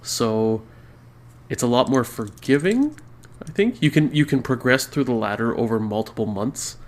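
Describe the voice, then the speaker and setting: Relaxed male podcast co-host. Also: mid-range voice, normal speed. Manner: relaxed, explaining in detail. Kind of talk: casual chat.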